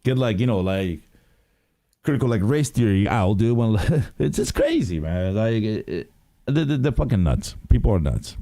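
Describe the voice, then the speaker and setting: A man in a casual podcast chat who rants in long, rambling, profane runs. His voice is mellow and dark, yet his pitch swings widely. It sounds dry and close to the mic. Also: normal speed, no room sound. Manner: profane, rambling, animated rant with lots of fillers. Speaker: podcast co-host.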